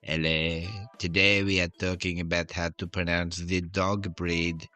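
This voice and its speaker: A man's voice: low voice, level tone, sharp tone, soft background music, pitched below the performer's own voice. A man putting on a plodding online pronunciation guide. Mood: slow, precise. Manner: drawn-out, overly careful enunciation. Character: slow, fussy male online pronunciation guide.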